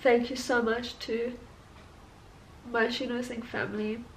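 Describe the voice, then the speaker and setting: A young woman at home talking in a personal vlog, tearful and halting after a long day of crying, laughing through her tears. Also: a little high, level tone, slight background noise, rough recording. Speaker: vlogger, tattoo studio owner.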